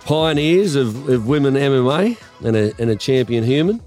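A man's voice: medium pitch, expressive, moderate pace, darkish tone, soft background music. Rambling man hosting a podcast. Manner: rambling, restarts sentences, chatty filler-heavy questions. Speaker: podcast host. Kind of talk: casual interview chat. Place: podcast studio booth.

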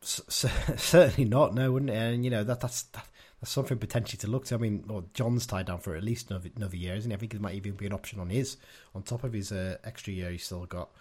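A man's voice: fairly low pitch, fast talker, a little mellow, breathy edge. A man co-hosting a casual football podcast, chatty and opinionated, often tagging his points with questions. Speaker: podcast co-host.

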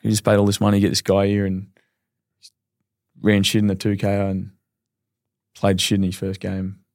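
A man's voice: lowish voice, completely flat delivery, moderate pace, a little mellow, no room sound, studio quality. A man in his thirties with an Australian accent, a footballer telling his story as a podcast guest in a candid, rambling way. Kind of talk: casual podcast interview.

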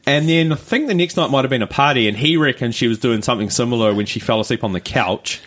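A man's voice: medium pitch, quick pace, a bit bright. A man co-hosting a podcast, telling a rambling story in casual chat with plenty of fillers and laughs. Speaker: podcast co-host.

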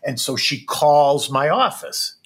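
A man's voice: a little high, expressive, slow, fairly bright tone. A man recounting a personal experience in an emphatic, repetitive way, often tagging his sentences with "right?". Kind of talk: personal storytelling.

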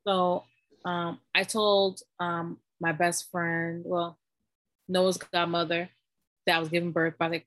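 A woman chatting casually, recounting a story with animated delivery and acting out what people said. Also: fairly low pitch, measured pace, dry recording. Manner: animated storytelling, acts out quoted voices. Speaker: storyteller recounting giving birth. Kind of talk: casual chat.

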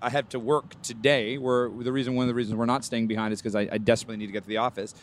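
A young man co-hosting a podcast, telling a relaxed story in a self-deprecating way, in casual chat. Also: mid-range voice, racing, slight background noise. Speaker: podcast co-host.

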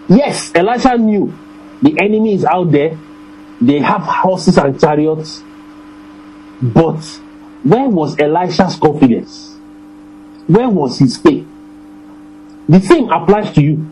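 A man preaching a sermon, his voice mellow and fairly high for a man. He swings his pitch widely, repeating phrases and slowing right down to stress the verses. A faint hum sits underneath. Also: animated, rough recording. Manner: emphatic preaching, repeats phrases, slows on scripture.

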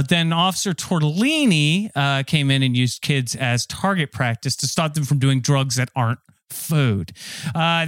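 A man hosting a comedy podcast, reading a silly list in a deadpan, rambling way. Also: on the high side, clear, resonant tone, no echo. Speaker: podcast host.

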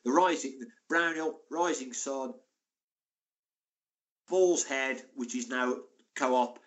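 A man in his sixties talks as a podcast guest, recalling his playing days. His mid-range voice rises into animated, laughing storytelling as the anecdotes build. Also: medium pitch, slow. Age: 60s. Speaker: former footballer, guest. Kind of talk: casual storytelling.

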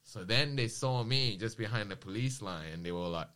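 A man casually recounting personal experiences in an interview, with a rambling, animated manner and quoted dialogue. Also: fairly low pitch, normal speed.

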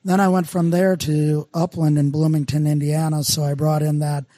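A man's voice: on the high side, flat delivery, moderate pace, dark tone, no room sound, clean studio sound. A middle-aged man from Minnesota, a brewer guest chatting casually and telling rambling, self-deprecating stories with lots of fillers. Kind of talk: casual podcast chat.

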